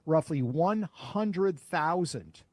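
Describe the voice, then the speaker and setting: A man speaks as an interview guest, in a fairly high voice with a dry, close sound. He explains steadily and deliberately, stopping now and then to restate a point. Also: expressive, a little mellow, dry recording. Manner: measured and explanatory, with a few fillers. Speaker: author and think-tank guest. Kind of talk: cable news interview.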